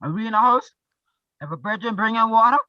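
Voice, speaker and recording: A woman's voice: on the high side, animated, fast talker, no room sound, highs cut off. A woman speaking as a study group speaker, giving impassioned, emphatic religious talk full of repetitions.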